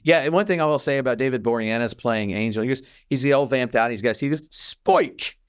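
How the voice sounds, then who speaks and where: Dude co-hosting a tv podcast, smooth voice, dead dry sound, acts out quotes. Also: male voice, medium pitch, quick pace, no echo. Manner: animated, quotes lines in put-on voices. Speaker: podcast co-host. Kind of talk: casual chat.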